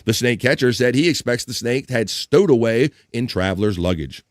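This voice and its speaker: A man's voice: medium pitch, animated, normal speed, dry recording, studio quality. A man hosting a live stream, casually joking and reading news stories and chat comments aloud. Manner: joking, reads chat comments and articles aloud, laughs often.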